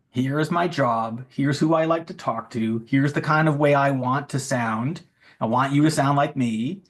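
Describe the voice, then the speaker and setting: A middle-aged man giving a frank, casual conference talk who acts out the things he says to a chatbot. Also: a little high. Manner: casual, frank, says "you know" and "just" a lot. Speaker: speaker at a tech event.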